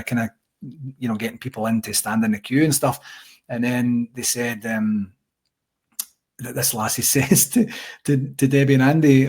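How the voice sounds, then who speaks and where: Husky Scottish man telling stories. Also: medium pitch. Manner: chatty storyteller, animated anecdotes. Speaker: interview guest, supporters' association president. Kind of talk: casual conversational interview.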